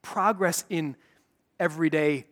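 A man's voice: fairly high pitch, a little slow, fairly bright tone, big-room sound. A man preaching a sermon as pastor, earnest and urgent, repeating phrases for emphasis.

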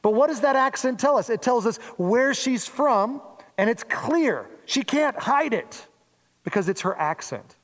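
A pastor from Oregon giving a relaxed, chatty sermon. His voice sits high for a man, and he keeps breaking into lively acted-out asides. The sound carries a long reverb, as in a church hall. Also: measured pace. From Oregon, USA. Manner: conversational preaching with playful acted-out asides.

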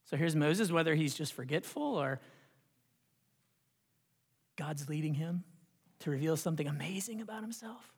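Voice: medium pitch, animated, moderate pace, long pauses, slightly rough. Dramatic preacher in an echoing hall. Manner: dramatic, with hushed whispered passages and rising repetitions. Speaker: pastor. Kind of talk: sermon. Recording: long hall reverb.

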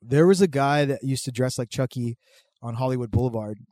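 A man tells a prank story in relaxed chat, switching voices as he plays each person in it. His pitch jumps around, and the close microphone leaves almost no room sound. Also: fairly quick, no echo. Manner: animated storyteller acting out both sides of a prank. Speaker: podcast guest telling stories. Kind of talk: casual chat.

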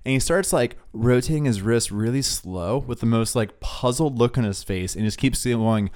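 Young male co-host, relaxed storyteller with a skater-slang manner, mid-pitched. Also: normal speed. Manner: laid-back, says "dude" and "like" a lot. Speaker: podcast co-host. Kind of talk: casual faith talk, storytelling.

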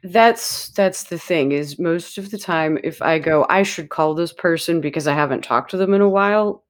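A woman's voice: on the low side, normal speed. A woman podcast host telling a story in casual chat, acting out quotes and laughing often.

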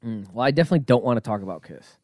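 Playful man with a lively voice. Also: mid-range voice, rapid-fire, no room sound, clean studio sound. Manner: playful, mock-exasperated. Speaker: podcast co-host. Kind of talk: casual chat among friends.

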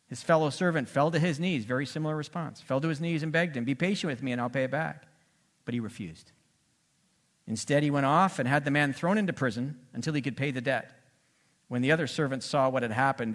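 A pastor delivers a sermon in a voice on the high side, alternating between loud, emphatic lines and quiet asides.

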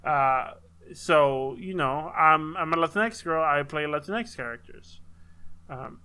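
A woman's voice: low-pitched, slow, pushed and bright. A woman in casual chat, joking and playful, with frequent swearing.

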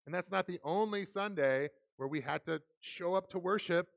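A man's voice: high voice, moderate pace, vocal fry, dry recording. A man, a pastor, preaching a sermon, telling stories about himself with self-deprecating humor and reading scripture earnestly. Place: church sanctuary.

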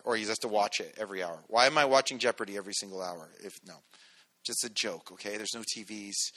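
A man's voice: mid-range voice, sharp tone. A man preaching a sermon as pastor, teaching through a scripture passage in a casual way with joking asides and frequent restarts. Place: church sanctuary.

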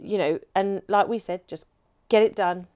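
A woman's voice: mid-range voice, normal speed, darkish tone. A woman co-hosting a podcast, talking in a chatty, rambling way and laughing often. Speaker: co-host. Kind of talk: casual podcast chat.

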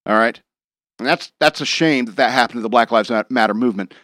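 A man's voice: medium pitch, fast, fairly bright tone, no room sound, studio quality. A man rambling through a wry, jokey monologue as a show host, chuckling now and then.

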